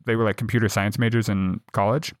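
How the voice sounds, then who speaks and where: A man's voice: on the low side, steady tone, quick pace, no room sound. Rambling, swearing man, dry sound. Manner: rambling, many fillers, swears, mimics scammers. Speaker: podcast co-host. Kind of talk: casual chat.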